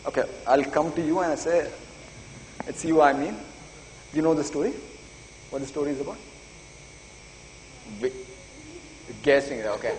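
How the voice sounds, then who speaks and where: A man's voice: fairly high pitch, normal speed, long pauses, darkish tone. A man giving a live conference talk, eager and urging the audience, calling for applause. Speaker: conference speaker. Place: conference hall. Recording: reverberant conference hall, faint noise.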